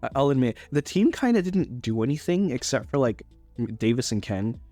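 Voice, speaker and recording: A man's voice: medium pitch, big pitch swings, a little fast, mellow, dry recording, faint music behind. A young man casually recapping a movie, rambling with loose, swearing talk and frequent restarts. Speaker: YouTuber reviewing a movie.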